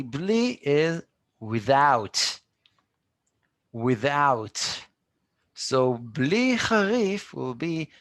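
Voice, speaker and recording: A man with an Israeli accent teaching a live online Hebrew class, repeating words slowly and patiently and answering students by name. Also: mid-range voice, vocal fry, a bit bright, dry recording, clean studio sound. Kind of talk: live online language lesson.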